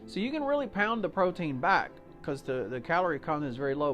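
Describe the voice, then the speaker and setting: A man's voice: on the high side, big pitch swings, fast talker, few pauses, a bit bright, faint music behind. An American man hosting a solo podcast, chatting casually and walking listeners through simple numbers step by step. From United States. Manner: chatty, folksy, explains step by step with fillers. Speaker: podcast host.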